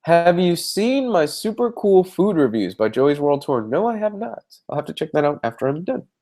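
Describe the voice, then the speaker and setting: A man's voice: fairly high pitch, sing-song, normal speed, mellow. A young man with a congested, stuffed-up voice hosts a casual live stream. He chats loosely, backtracking and restarting his sentences as he answers viewers' questions. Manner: chatty, rambling with restarts. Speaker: comic book reviewer.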